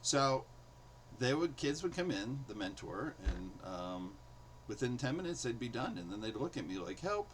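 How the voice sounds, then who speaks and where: A man's voice: medium pitch, sing-song, moderate pace, a little hiss or hum, poor audio. A man in his forties, a teacher hosting his own show, casually telling a story from his career with lots of fillers and acted-out quotes. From New York City. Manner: chatty, many fillers, acts out quotes in raised voice. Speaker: host and storyteller.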